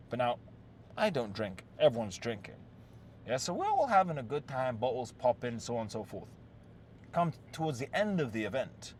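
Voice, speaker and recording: A man's voice: mid-range voice, a little mellow, a little hiss or hum. A man hosting a relationship-advice talk, telling a story in a blunt, profane, casual way and often checking in with "yes?" and "right?".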